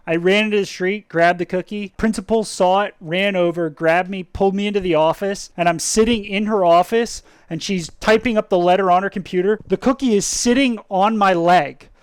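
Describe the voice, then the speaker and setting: A man's voice: sits high, normal speed, hardly any pauses, clear, resonant tone, no room sound, clean studio sound. A man streaming a reaction video, chatting casually and telling anecdotes with frequent laughter. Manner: chatty, laughs often, acts out voices in anecdotes. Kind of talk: casual reaction chat with storytelling.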